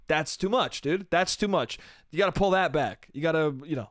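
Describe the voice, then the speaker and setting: A man's voice: on the high side, brisk, a bit bright, no room sound, studio quality. Rambling, profane man on a solo podcast. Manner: rambling, profane, self-amused, restarts often. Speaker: podcast host. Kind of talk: solo comedy podcast rant.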